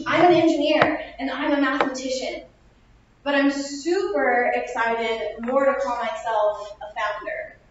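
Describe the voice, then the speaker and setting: Young woman opening speaker, high and bright-spirited talk, self-mocking; distant, boomy lo-fi room capture. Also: background noise. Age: 20s. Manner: upbeat, chatty, self-mocking. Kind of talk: motivational speech. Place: classroom. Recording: echoey lo-fi room recording from far off.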